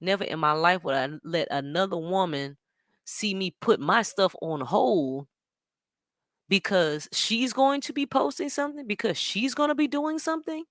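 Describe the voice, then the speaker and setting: A woman hosting a show, talking in an animated, sassy way with plenty of slang while she reacts to a stream. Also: mid-range voice, normal speed, no room sound, studio quality. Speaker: show host. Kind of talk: casual commentary reacting to a stream.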